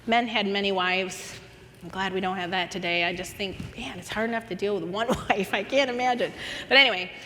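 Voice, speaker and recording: An American woman giving a conference teaching in a church, telling Bible stories with lively acted-out voices and laughter. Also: on the high side, in a large hall. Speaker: conference speaker. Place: church auditorium.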